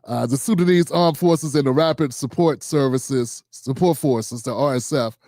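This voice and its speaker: A man's voice: sits high, no echo, clean studio sound. A man hosting a livestream of political commentary, reading out notes and reacting with heated sarcasm. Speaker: livestream host.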